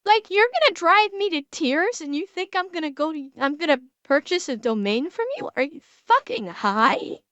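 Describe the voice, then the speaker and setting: A woman's voice: high-pitched, very animated, moderate pace, few pauses, fairly bright tone, dry recording, highs cut off. A woman streamer reacting to videos in casual commentary, emotional and exclaiming, close to tears and swearing.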